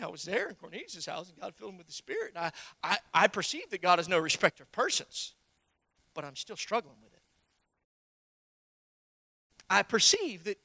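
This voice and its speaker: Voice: mid-range voice, bright, forceful tone, no room sound, pitched below the performer's own voice, exaggerated voice. A preacher speaking as a troubled apostle who stumbles and repeats himself while admitting his prejudice. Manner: halting, hesitant, repeating himself.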